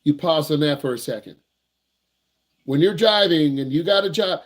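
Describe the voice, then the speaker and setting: Guy driving teacher, kinda high voice, real-talk slangy advice, keeps repeating himself. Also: animated, brisk, a bit bright. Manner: blunt, repetitive, slangy advice. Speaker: driving instructor. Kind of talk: casual teaching talk to young drivers.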